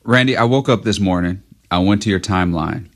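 A man's voice: low-pitched, brisk. A man co-hosting sports radio who teases and laughs as he talks. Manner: teasing, laughing. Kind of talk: casual banter.

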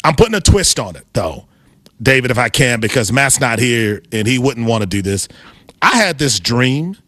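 A man's voice: mid-range voice, sing-song, moderate pace, pushed and bright, no room sound, clean studio sound. A man hosting a sports talk radio show, chatting casually with a co-host, often restarting his sentences. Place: radio studio. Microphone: studio microphone.

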